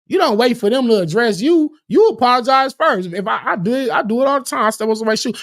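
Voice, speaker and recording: A man giving casual livestream commentary on battle rap, animated and profane, often restarting his words and acting out quoted arguments. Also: very high-pitched, fast talker, hardly any pauses, no room sound, clean studio sound. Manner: acts out quoted arguments in a raised voice.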